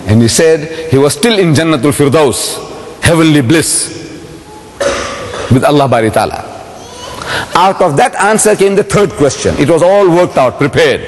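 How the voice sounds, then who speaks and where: Animated male lecturer in a hall. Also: on the high side, slight background noise. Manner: animated, rhetorical questions to the audience. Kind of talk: public lecture storytelling. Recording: long hall reverb.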